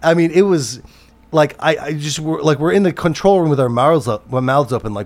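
Male producer telling a story on a talk show, slightly high voice, rambling, frequent restarts, curses a lot. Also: normal speed. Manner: rambling, many restarts and fillers, swears freely. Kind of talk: casual storytelling chat.

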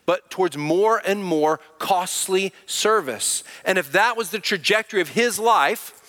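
A man with a bright, fairly high voice preaches to his congregation, earnest and conversational, often stopping to ask them questions. He admits he can sound angry though he isn't. The sound carries a long hall reverb, as in a large sanctuary. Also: unhurried. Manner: says he sounds angry but is not. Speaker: pastor. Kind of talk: sermon.

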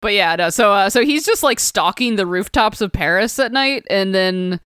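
A woman's voice: medium pitch, expressive, normal speed, a bit bright, clear, resonant tone, no room sound, studio quality. A woman co-hosting a casual comic book podcast, laughing often and swearing as she acts out characters' lines. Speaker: podcast co-host.

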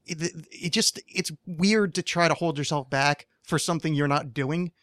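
A man's voice: fairly high pitch, normal speed, a bit bright, no room sound. A man hosting a podcast in casual chat, from the US East Coast, rambling and swearing with many restarts, on a close studio mic. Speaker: podcast host.

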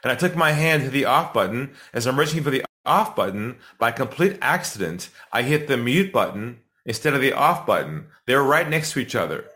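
A middle-aged man, a sales trainer and podcast guest, telling a story in an animated way and acting out quotes to build suspense. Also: medium pitch, a little fast, hardly any pauses.

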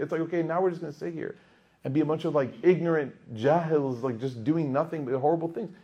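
A young man teaching a class, telling stories in a lively way that swings between loud emphasis and hushed asides. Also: a little high, fast, breathy edge, muffled recording. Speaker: Islamic teacher. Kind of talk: lively class talk with storytelling.

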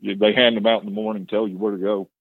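A man's voice: fairly low pitch, level tone, fast talker, no room sound. A man giving a candid, plain-spoken personal testimony as an interview guest. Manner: plain-spoken storytelling with earnest emotion. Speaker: guest telling his testimony. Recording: tinny phone-like line, dry.

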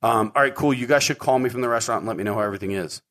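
In this casual storytelling monologue, a middle-aged podcast host wanders from point to point, leaning heavily on fillers and repeating himself. He has a medium-pitched, slightly bright voice and a rapid-fire delivery.

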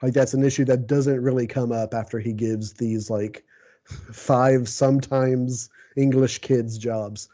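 A man's voice: medium pitch, steady tone, measured pace, mellow. A man co-hosting a casual podcast chat, rambling along and chuckling often. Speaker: podcast co-host. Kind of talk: casual chat about a TV show. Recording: dull lo-fi recording.

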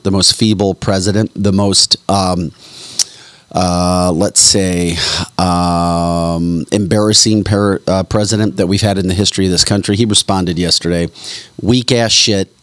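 A man's voice: on the low side, dry recording. Blunt, ranting man hosting. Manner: blunt, heated ranting with frequent fillers. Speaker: podcast host. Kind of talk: live political talk show.

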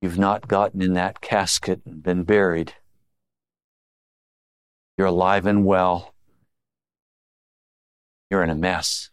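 Slow, emphatic male preacher. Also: little pitch movement, clean tone, dry recording, studio quality. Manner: dramatic swings between low intimate tones and raised emphatic lines. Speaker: pastor. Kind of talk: sermon.

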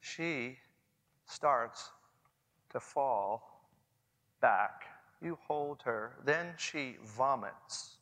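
A man in his forties preaching a sermon earnestly, swinging between hushed and loud passages. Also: medium pitch, animated, extremely slow, pauses often. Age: 40s. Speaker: pastor. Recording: long hall reverb.

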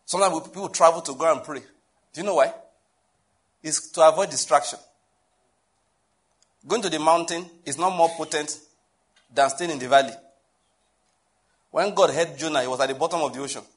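A Nigerian pastor preaching a sermon in a conversational, humorous way, often asking the listeners questions. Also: male voice, fairly high pitch, normal speed, long pauses.

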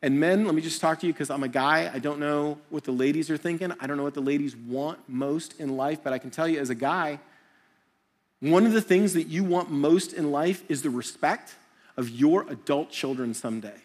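Man, middle-aged, pastor, sermon, animated storytelling, higher voice. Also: moderate pace.

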